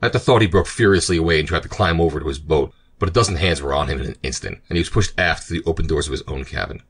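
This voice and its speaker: A man narrating an audiobook in a steady, measured way. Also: a bass voice, breathy edge.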